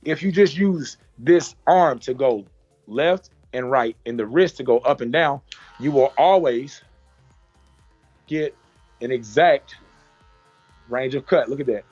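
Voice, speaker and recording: A man's voice: medium pitch, slow pace, pauses often, darkish tone, highs cut off, soft background music. A man teaching a hands-on haircutting class, talking through each move with repeated cues and playful sound effects. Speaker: barber educator. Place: salon.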